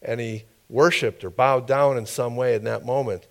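A man preaches to his congregation in an easygoing, conversational style. His voice sits at an ordinary middle pitch, and he breaks off now and then for quick asides and questions to the people in front of him. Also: steady tone, creaky. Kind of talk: conversational sermon.

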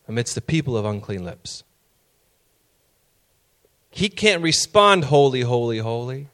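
A man's voice: medium pitch, expressive, unhurried, pauses often, a bit bright. A middle-aged man preaching a sermon, telling personal stories and building to emphatic, raised passages.

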